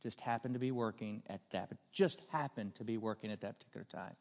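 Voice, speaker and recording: A man's voice: lowish voice, fast talker, darkish tone. A man preaching a storytelling sermon, earnest and building to emphatic questions. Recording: long hall reverb.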